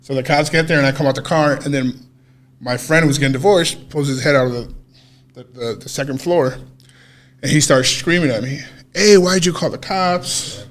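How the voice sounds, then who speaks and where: A man co-hosting a podcast, casually telling a story in an animated way, swearing freely and acting out what people said. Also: medium pitch, fairly quick. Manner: animated, swears freely, acts out quoted dialogue. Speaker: podcast co-host.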